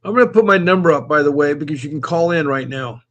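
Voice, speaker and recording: A man's voice: a little high, expressive, fast, a bit bright, muffled recording. Chatty man hosting a call-in stream. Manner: chatty, repeats himself, talks straight to viewers. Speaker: host of a call-in livestream. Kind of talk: casual live-stream chat, reading viewer comments.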